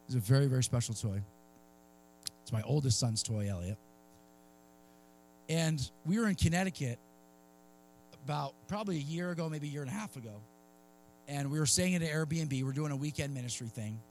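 Guy in his 30s preaching, fairly high voice, chatty and earnest, soft music under him. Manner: conversational and earnest, acts out voices in anecdotes. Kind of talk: sermon with personal story. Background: soft instrumental music.

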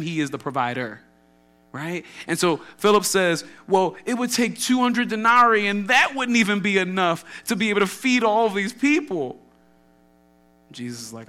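Bright, emphatic male preacher. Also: on the high side. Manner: emphatic, rhetorical questions, acts out scripture quotes. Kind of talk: sermon.

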